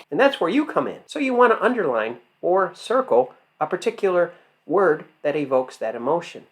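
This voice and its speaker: A man teaching as an acting coach, emphatic, asking rhetorical questions and answering them himself. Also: a little high. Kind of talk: instructional talk to camera.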